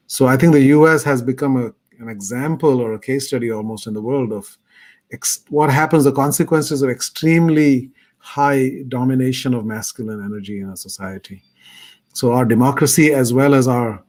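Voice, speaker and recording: A man's voice: mid-range voice, a little mellow. A middle-aged man, thoughtfully telling a personal story as a guest speaker on a video call. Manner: earnest, thoughtful. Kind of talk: reflective personal storytelling talk.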